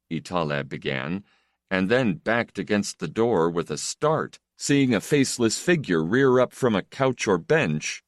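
A male narrator reads an audiobook in a measured, steady way. His voice is very deep and moves widely in pitch. The recording is dry and close. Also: dry recording. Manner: measured, even storytelling.

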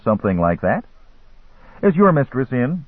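A shrewd tavern owner talks terms in an even, businesslike way, as a man plays him. The voice is husky and the sound dry and narrow, like a phone line. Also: medium pitch, moderate pace, no room sound, pitched above the performer's own voice. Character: shrewd male tavern owner and dealer, calm.

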